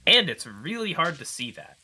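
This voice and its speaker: A man's voice: on the high side, sing-song, normal speed, pushed and bright, breathy edge. A man co-hosting a visual novel stream, reading game text aloud and chatting earnestly, swearing freely. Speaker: co-host playing a visual novel.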